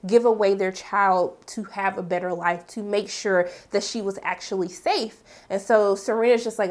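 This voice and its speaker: A woman talking through a TV episode in a relaxed, chatty way. She retells each scene with lively energy and drops sassy asides to her viewers. Her voice sits at an ordinary middle pitch. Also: moderate pace, few pauses. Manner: chatty, animated retelling with playful sass. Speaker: TV reviewer. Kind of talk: casual recap and review.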